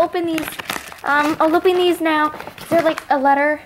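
A young woman vlogging an unboxing of toys she got in trades, gushing and excitable, often gasping with delight. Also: sits high, normal speed, noisy background. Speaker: toy collector vlogger. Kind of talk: unboxing vlog.

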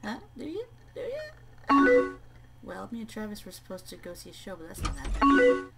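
Woman gamer, reads chat aloud, lively swearing reactions, voice a bit off-mic, loud music underneath. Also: medium pitch, brisk, gravelly. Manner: animated, swears and laughs between read-out lines. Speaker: let's play gamer. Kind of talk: reading game chat aloud with live reactions. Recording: loud game music behind, mic at a distance.

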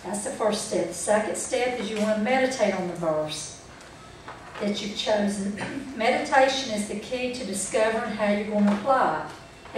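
A woman's voice: mid-range voice, steady tone, moderate pace, darkish tone, slight background noise. Woman teaching a Bible class. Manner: folksy, asks the group questions. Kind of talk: church training talk. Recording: echoey room from far off.

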